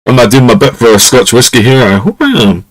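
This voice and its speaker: A man's voice: mid-range voice, very animated, quick pace, dry recording, poor audio. Rambling Scottish man telling stories. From Scotland. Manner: rambling, chuckling, many fillers. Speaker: podcast host. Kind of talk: casual storytelling. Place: home room. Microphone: lesser home mic.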